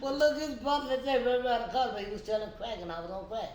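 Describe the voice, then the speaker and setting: A woman's voice: fairly high pitch, steady tone, very fast, a little mellow. A woman, a guest in casual chat, talking bluntly and brashly with no filter. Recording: echoey room with background noise.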